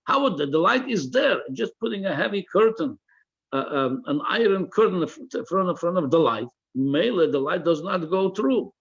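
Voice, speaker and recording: A man's voice: high-pitched, expressive, moderate pace, fairly bright tone, husky, highs cut off. A man teaching a religious text class, reading each phrase aloud and translating it line by line, often repeating words while he searches for the right translation. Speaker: Torah teacher.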